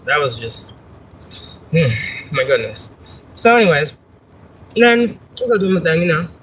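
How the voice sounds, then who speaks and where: A woman's voice: low-pitched, big pitch swings, a little slow, slight background noise, poor audio. A woman hosting a casual livestream from her parked car, chatting, swearing and laughing as she tells a story. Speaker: spiritual reader and livestream host.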